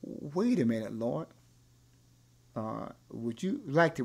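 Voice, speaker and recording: A male pastor teaching a Bible class, animated, often repeating words and asking rhetorical questions. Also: medium pitch, takes it slowly, vocal fry, long pauses, husky.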